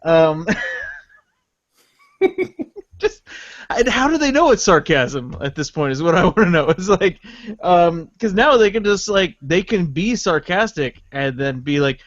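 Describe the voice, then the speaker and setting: A man's voice: sits high, sing-song, a little slow, pauses often, no echo. A man co-hosting a casual comedy podcast, rambling sarcastically and laughing often. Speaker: podcast co-host. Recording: muffled, dry podcast audio.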